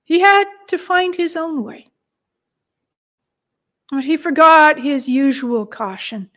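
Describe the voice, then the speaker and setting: Woman storyteller, high voice, slow and expressive, dramatic retelling. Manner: expressive, with hushed moments and long pauses.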